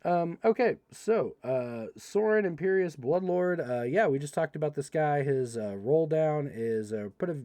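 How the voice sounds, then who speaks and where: A young man hosting a livestream, casually reading card text aloud and joking with chat in an animated way. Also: a little high, no echo, studio quality. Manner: animated, reads card text quickly, playful asides to chat. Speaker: livestream host opening card packs.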